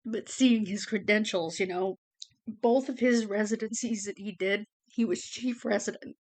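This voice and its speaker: A woman's voice: mid-range voice, steady tone, normal speed, darkish tone. Woman, vlogger, casual update to camera, rambling, emotional, lots of fillers. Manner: emotional, rambling, thankful, close to tears at times; many fillers like "you know" and "um". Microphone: camera facing the speaker.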